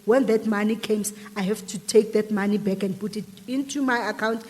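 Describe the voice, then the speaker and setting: A woman's voice: medium pitch, normal speed. Woman retelling her story, echoey room. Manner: animated retelling with quoted dialogue. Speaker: guest telling her story. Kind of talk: personal storytelling interview.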